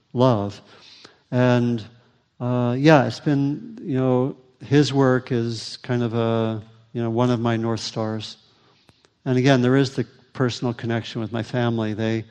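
A man's voice: medium pitch, darkish tone, clean tone. Reflective man teaching in a reverberant hall. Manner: thoughtful, halting, many fillers. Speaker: Buddhist teacher. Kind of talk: dharma talk Q&A.

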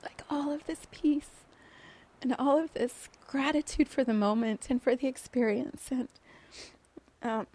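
A woman's voice: high voice, measured pace. Emotional woman recounting a guided meditation. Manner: soft, emotional, often laughing through tears. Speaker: podcast host. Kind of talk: reflective personal storytelling.

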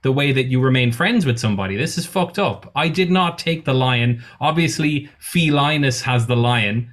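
A man's voice: mid-range voice, expressive, normal speed, a bit bright, natural voice. A man voicing a fierce, foul-mouthed woman who runs a bar, talking in an exasperated, swearing way. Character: fierce tough female bar owner with fork claws.

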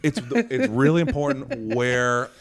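A man's voice: medium pitch, unhurried. A man, a stand-up comedian, chatting casually and acting out quotes as he tells stories. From Worcester area. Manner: animated storyteller, acts out quotes. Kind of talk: casual chat.

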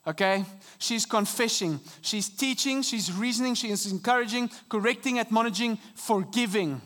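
A pastor with a high, light voice delivers an earnest sermon from the stage of a church auditorium, heard through a stage microphone. He moves between soft, hushed moments and emphatic rises at a moderate pace, with hardly any pauses.

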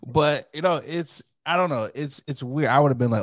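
Animated joking man in casual chat. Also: on the high side, moderate pace, no echo, clean studio sound. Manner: animated, joking, acts out quotes. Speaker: podcast co-host.

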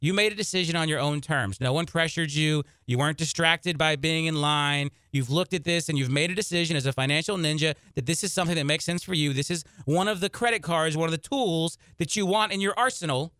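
A man hosting a personal finance radio show, giving emphatic, energetic advice. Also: a little high, fairly quick, hardly any pauses, no echo, studio quality.

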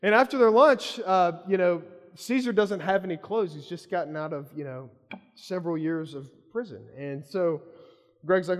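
A male pastor with a fairly high voice, preaching in a lively, conversational storytelling way. His words trail off in a long hall reverb. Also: moderate pace. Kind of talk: sermon.

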